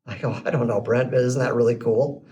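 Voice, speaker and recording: A man's voice: mid-range voice, normal speed, lo-fi sound. A middle-aged man, a podcast guest, telling his business story in a casual way and acting out the voices of the people in it. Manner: animated storyteller who acts out quoted dialogue. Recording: slightly distant mic with faint background noise.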